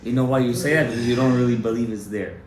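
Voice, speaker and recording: A man giving a Torah class to a small audience, emphatic and exhorting, often rising to loud, fervent urging. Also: medium pitch, fairly even intonation, very fast, crowd noise. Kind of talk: animated Torah lecture to a live audience. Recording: echoey room, faint room noise.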